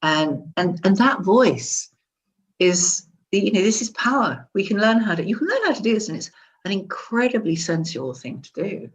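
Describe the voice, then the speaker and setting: A woman talking as a wellbeing specialist in a casual conversation, animated and demonstrative, laughing often. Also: mid-range voice, moderate pace. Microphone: seated at a chair.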